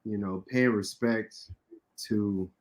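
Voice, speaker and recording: American man, lowish voice, earnest, halting, clears throat, podcast co-host. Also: fairly even intonation. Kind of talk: casual podcast talk and spoken prayer.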